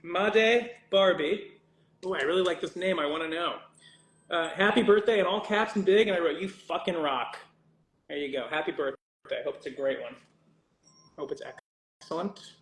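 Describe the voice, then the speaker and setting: Man, fairly high voice, loose rambling livestream chat while signing for fans, joking swears, roomy echo. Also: a little fast, fairly bright tone. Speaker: voice actor signing autographs for fans.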